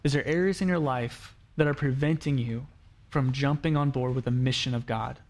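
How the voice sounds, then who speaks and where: A man's voice: medium pitch, normal speed. A man giving a sermon as a pastor, talking conversationally and acting out quoted lines in the story he tells. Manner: conversational preaching, acts out quoted lines, frequent restarts.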